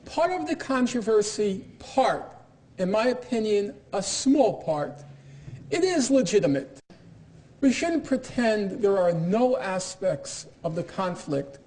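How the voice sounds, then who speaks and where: A man's voice: high-pitched, a little mellow. A middle-aged man giving a university lecture in an emphatic, argumentative way, with pointed irony. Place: lecture hall.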